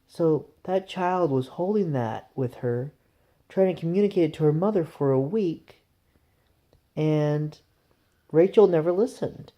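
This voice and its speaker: A man's voice: on the high side, a little slow, lo-fi sound. A man telling a rambling, conversational story to camera in a casual vlog. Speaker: vlogger.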